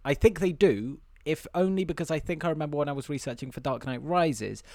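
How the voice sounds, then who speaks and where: A man hosts a podcast in loose, bantering chat. His voice sits a little high and his teasing often runs into laughter. The recording is dry and close, with no room echo. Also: brisk, warm tone. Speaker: podcast host. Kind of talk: casual chat.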